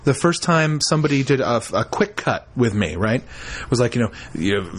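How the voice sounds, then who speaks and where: A man co-hosting a casual roundtable chat about role-playing games, talking in an animated way, often tossing in "you know" and the odd swear word. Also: medium pitch, moderate pace, slightly rough. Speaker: podcast co-host giving game master tips.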